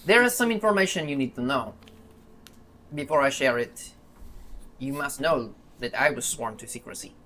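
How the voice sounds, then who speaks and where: A secretive father with a French accent, voiced by a man, speaks in a grave and measured way. The tone is bright and earnest. Every line carries the weight of things he cannot say. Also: mid-range voice, slight background noise, close to an everyday voice. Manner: grave, measured letter-reading.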